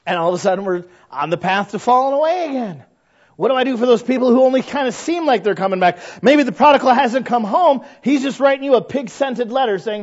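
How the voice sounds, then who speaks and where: A male pastor preaching a sermon, animated and folksy, asking rhetorical questions and joking at his own expense. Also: high voice, fast talker, lo-fi sound. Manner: animated, frequent rhetorical questions and self-deprecating humor.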